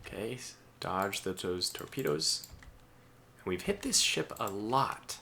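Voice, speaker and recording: Excitable male streamer with a bright voice. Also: fairly low pitch, unhurried, creaky, a little hiss or hum. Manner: excitable, chatty, talks to his ships aloud. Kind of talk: live gameplay commentary.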